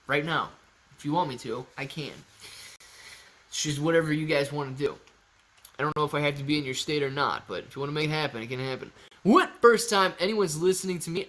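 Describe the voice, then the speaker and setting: Upbeat, chatty man, a bit high. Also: fairly quick, a bit bright. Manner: casual and upbeat, reads chat messages aloud and answers them. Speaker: livestream host answering viewer chat. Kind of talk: casual live stock-market commentary. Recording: home livestream setup.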